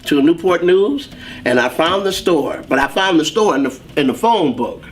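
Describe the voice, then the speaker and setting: A man's voice: a little high, lively intonation, moderate pace, slight background noise. A man telling his life story as an interview guest, acting out the voices of the people in it. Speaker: guest, saxophonist.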